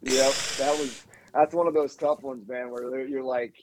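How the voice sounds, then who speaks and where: A man's voice: medium pitch, measured pace, noisy background. A man in his thirties chatting casually and telling stories, acting out the quoted lines. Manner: relaxed storyteller who acts out quoted dialogue. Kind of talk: casual chat. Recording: dull, dry lo-fi sound.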